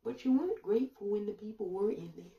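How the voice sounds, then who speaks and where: A woman commentator delivering a sarcastic monologue full of rhetorical questions and drawn-out pauses. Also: medium pitch, animated, gravelly, far from the mic, dull audio. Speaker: online commentator. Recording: roomy echo, voice away from mic.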